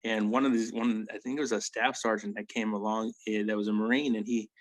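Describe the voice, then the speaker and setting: A man's voice: fairly low pitch, flat delivery, brisk, no room sound, poor audio. A man in his forties, an army veteran, telling war stories in a rambling, blunt way that keeps checking in with "right?" and "you know?". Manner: blunt, swears freely. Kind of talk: casual war storytelling.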